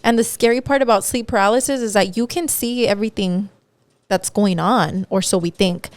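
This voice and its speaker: A woman co-hosting a podcast, chatting casually and telling stories in an animated, profane way. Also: medium pitch, moderate pace, dry recording. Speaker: podcast co-host. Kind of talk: casual chat.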